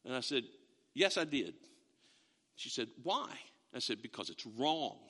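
A man preaching a sermon to a congregation, animated and acting out the imagined voices of other people as he talks. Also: mid-range voice, normal speed, in a large hall. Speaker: pastor.

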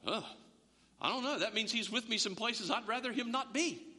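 A man preaching a sermon as pastor, conversational and humorous, telling the story with animated asides. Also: sits high, a little fast. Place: church sanctuary. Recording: long echo of a large hall.

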